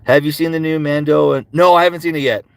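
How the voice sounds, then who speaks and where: A man's voice: a little high, steady tone, fast talker, creaky, smooth, dry recording. A male voice actor chatting casually with fans and answering their questions, slipping into character voices between answers. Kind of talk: casual livestream Q&A with impressions.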